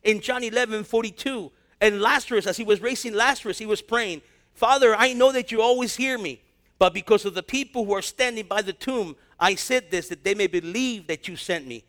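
A male pastor preaching a sermon, reading scripture and breaking into lively, slangy asides and acted-out dialogue. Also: high voice, a little fast.

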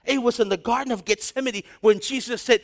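A male pastor preaching a sermon, reading scripture and breaking into lively, slangy asides and acted-out dialogue. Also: very high voice, a little fast.

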